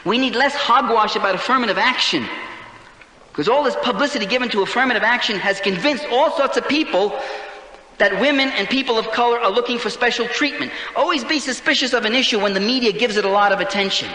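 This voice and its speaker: High, bright-voiced man in an echoing hall. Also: fast, a little hiss or hum. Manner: insistent, rhetorical questions. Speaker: speaker. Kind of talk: political speech. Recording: roomy hall with long reverb.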